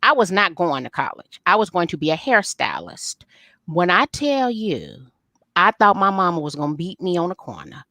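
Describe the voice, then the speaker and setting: Lively, folksy woman telling her story. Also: lowish voice, normal speed, no echo. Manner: animated, folksy storyteller who acts out family dialogue. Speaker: interview guest. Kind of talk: candid storytelling in a live interview.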